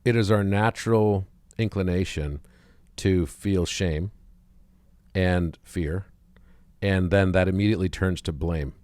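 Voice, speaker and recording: Low-voiced guy on a podcast, thoughtful storyteller, dry close sound. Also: measured pace, long pauses, darkish tone, dry recording. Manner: reflective, storytelling. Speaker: podcast guest. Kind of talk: casual conversation.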